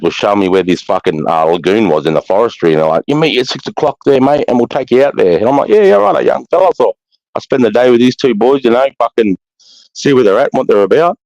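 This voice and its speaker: A man's voice: mid-range voice, no room sound, rough recording. Aussie bloke in his 40s, swears a lot, dry close sound, just telling crash stories. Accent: Australian. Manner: blunt, swears heavily, animated storyteller. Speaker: podcast host. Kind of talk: casual storytelling chat.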